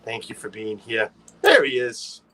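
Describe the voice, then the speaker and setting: A man's voice: on the low side, sing-song, measured pace, pushed and bright. A man hosting a casual livestream, chatty and playful, greeting viewers by name and teasing his co-host.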